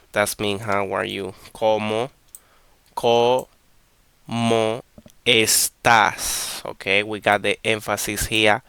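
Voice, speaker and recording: A man gives a beginner language lesson in a low, bright, very clear voice. He talks slowly and patiently, repeating each point and checking in with his listeners. The sound is dry and close. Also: dry recording. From Dominican Republic. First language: Spanish. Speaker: Spanish teacher.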